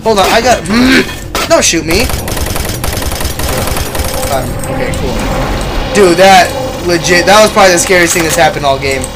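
A livestreamer giving casual horror game commentary, chatty with viewers and prone to loud yelps and nervous laughter. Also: mid-range voice, animated, moderate pace, pauses often, noisy background. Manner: chatty, talks to chat viewers.

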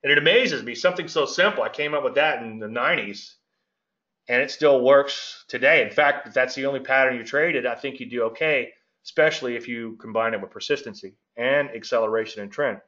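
Casting: middle-aged male host, outgoing, talks loosely and meanders, bright forceful tone, dull lo-fi recording. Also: mid-range voice, fairly quick. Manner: gregarious, rambling, self-interrupting. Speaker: market analyst and show host. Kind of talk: casual trading commentary. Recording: dull lo-fi audio.

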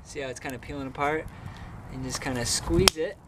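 Relaxed man demonstrating outdoors, echoey. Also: medium pitch, fairly quick, very noisy. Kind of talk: casual demonstration. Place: outdoors on cement.

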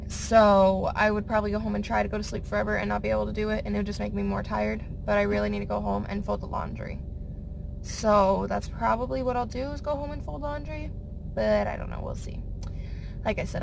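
A woman's voice: medium pitch, gravelly, slight background noise. Sleepy young woman vlogging. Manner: sleepy, rambling, yawning. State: tired, sleepy. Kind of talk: casual vlog chat. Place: car, bed, then walking outdoors at night.

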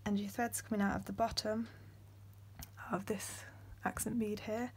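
A young woman, hosting a step-by-step beading tutorial in a soft voice that often drops to a whisper, with frequent ums. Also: medium pitch, level tone, normal speed, husky.

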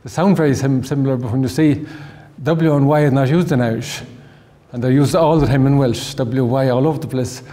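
A man giving an informal language talk, halting with many restarts and fillers, slowing down to spell out examples. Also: medium pitch, steady tone, mellow. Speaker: language lecturer. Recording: long hall reverb.

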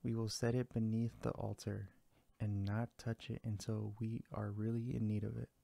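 A greedy, scheming female cat from a fairy tale, speaking coolly and evenly, read by a man. The voice sits low with a gravelly edge and little rise and fall. The sound is close and dry. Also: moderate pace, dry recording. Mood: sly. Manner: calm, cool storybook delivery.

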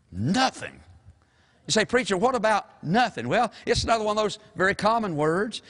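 An older man, preaching a folksy sermon as pastor and calling out to the congregation. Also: a little high. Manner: folksy, animated preaching with call-and-response.

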